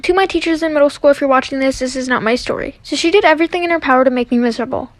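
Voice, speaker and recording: A young woman tells a dramatic storytime at a rapid clip, slipping into the voices of the people she quotes. Her voice sits a little high, and the close microphone sounds dry with no room around it. The delivery stays chatty and animated throughout. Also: dry recording. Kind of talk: fast storytime narration.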